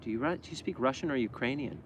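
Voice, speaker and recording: A man's voice: mid-range voice, fast talker, a little hiss or hum. Easygoing man reading viewer questions. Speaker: livestream co-host. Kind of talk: casual livestream chat.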